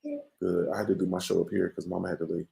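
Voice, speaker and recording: Gravelly laid-back male show host. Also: deep voice, steady tone, racing, dark tone, echoey room, rough recording. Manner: laid-back, rambling, slangy. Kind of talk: casual morning-show chat. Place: room at home.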